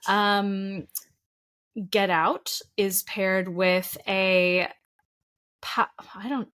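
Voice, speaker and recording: A woman's voice: medium pitch, level tone, drawn-out words, a bit bright, clean tone. An American woman co-hosts a podcast in a loose, chatty way. She laughs easily and reads items off a list in an ordinary mid-range voice. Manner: chatty, laughs often, reads lists aloud. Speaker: podcast co-host. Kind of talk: casual chat.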